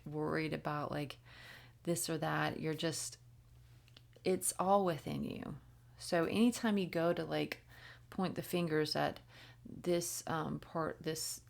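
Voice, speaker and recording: A woman with a low voice and vocal fry gives a casual spoken tarot reading. She is chatty and blunt, swears freely, and slips into whispers.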